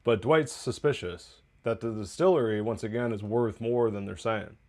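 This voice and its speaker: A man's voice: on the low side, normal speed, darkish tone. Chatty man recapping a TV episode. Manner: chatty, loose, profane asides, laughs while recapping. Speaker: TV review podcast host.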